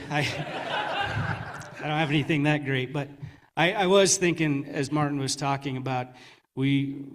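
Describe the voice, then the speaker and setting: A man on a panel telling a story in a modest, matter-of-fact way. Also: medium pitch. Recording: hall with long reverb.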